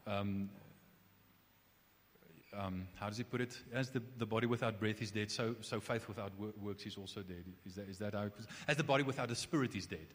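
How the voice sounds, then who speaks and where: A man preaching a conversational sermon, animated, with restarts and asides. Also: on the low side, fairly quick. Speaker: pastor. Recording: long hall reverb.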